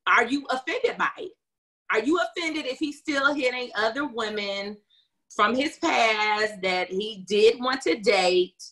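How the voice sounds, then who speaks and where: Bright, sarcastic woman co-host. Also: fairly high pitch, lively intonation. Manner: sarcastic, quick, direct questions. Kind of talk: casual group chat.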